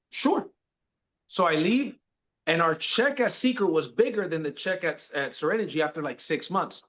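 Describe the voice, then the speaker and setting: On a podcast, a guest in his forties casually recounts his career, keeping it laid-back and addressing the listener as bro. He has a high-pitched, rather bright voice, and the audio is dull and lo-fi.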